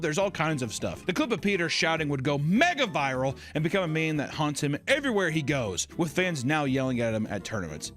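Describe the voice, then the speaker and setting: A man hosting a comedic video commentary, animated and profane, often laughing mid-sentence. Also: on the high side.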